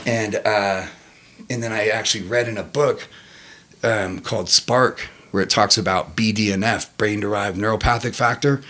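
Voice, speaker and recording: A man telling personal stories in casual chat. He is animated and profane, and his voice jumps high when he quotes himself. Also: normal speed.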